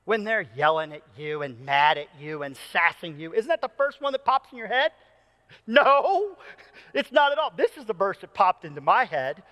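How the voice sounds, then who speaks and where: Animated joking pastor in a reverberant hall. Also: male voice, fairly high pitch, brisk, hardly any pauses. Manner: animated storyteller, playful and joking. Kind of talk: sermon. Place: church auditorium.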